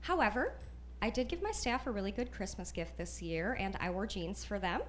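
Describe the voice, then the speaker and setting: Lively, sassy woman stand-up comic. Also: medium pitch, brisk. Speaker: stand-up comedian. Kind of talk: stand-up routine. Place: comedy club stage. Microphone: handheld stage mic.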